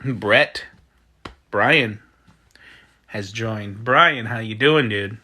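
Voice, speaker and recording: A man's voice: lowish voice, extremely slow, pushed and bright. A man from the United States hosting a casual livestream, chatting loosely and reading out viewer comments and usernames as they arrive. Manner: chatty, reads out usernames and reacts. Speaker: livestream host.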